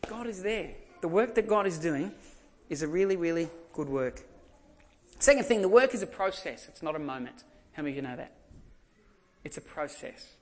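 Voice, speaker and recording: A man's voice: fairly high pitch, animated, normal speed, a little mellow. An Australian man preaching a sermon as a pastor, telling stories in a conversational way and repeating emphatic phrases.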